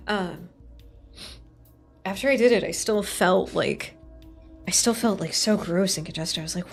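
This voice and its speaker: A woman streamer talks casually while she crafts, her voice sitting at a middle pitch with a gravelly fry running through it. She rambles from one thought to the next, swears now and then and pokes fun at herself. Faint music plays underneath. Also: a little slow, long pauses. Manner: rambling, sweary, self-mocking.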